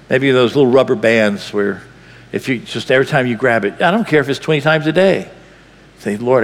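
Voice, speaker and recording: A man preaching a sermon as pastor, impassioned, swinging between loud bursts and hushed lines. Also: medium pitch, creaky, long reverb tail.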